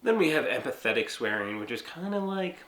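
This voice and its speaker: Brief: young American man, mid-pitched, loose and profane, talking to camera in an echoey room. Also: fairly quick, heavy background noise. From United States. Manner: lively, profane, frequent "like" and "right?". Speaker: vlogger. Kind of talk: casual explainer monologue.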